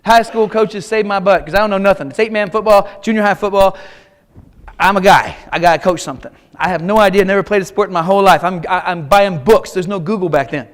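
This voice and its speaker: This is a middle-aged man from Kansas with a high, fast voice, giving a keynote talk in a large auditorium. He tells motivational stories, cracks folksy jokes, and speaks right to the people listening.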